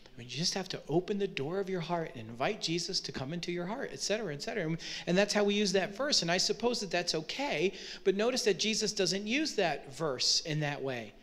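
A man with a notably high-pitched voice preaching a sermon, working through scripture verse by verse. He talks to the congregation in a conversational way, checking in with rhetorical questions as he explains. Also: lively intonation, fairly quick, a bit bright. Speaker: pastor.

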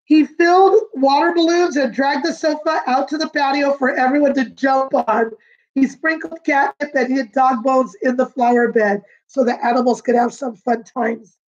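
A kindergarten teacher, a woman with a high voice, reads a picture book aloud. She stops to explain pictures and words for the children. The recording sounds dull and lo-fi. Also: fairly even intonation, normal speed.

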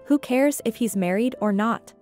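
A woman voicing a calm, self-assured young woman in a story. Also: a little high, moderate pace, faint music behind, lightly acted. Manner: calm and composed.

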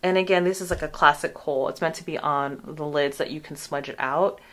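Chatty low-voiced woman beauty vlogger. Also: a little fast, fairly bright tone. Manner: chatty, many "like" and "um" fillers. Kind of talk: casual product review.

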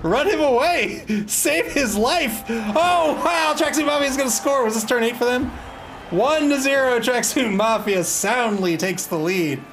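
A man's voice: very high-pitched, a little slow, a little hiss or hum. A man doing casual play-by-play commentary on a match. He laughs often, is wry and self-amused, and groans in mock despair at the plays.

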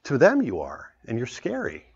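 A man voicing a calm, caring elephant mother who speaks softly and reassuringly. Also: mid-range voice, normal speed, vocal fry, husky, muffled recording, full character voice. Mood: gentle.

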